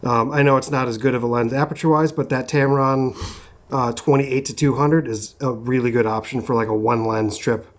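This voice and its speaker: This young host from Minnesota talks camera gear outdoors, reviewing a lens at a rocky sunset spot in a relaxed, chatty manner heavy with fillers like "like" and "um." His medium-pitched voice runs a little fast, picked up by a compact shotgun mic on the camera.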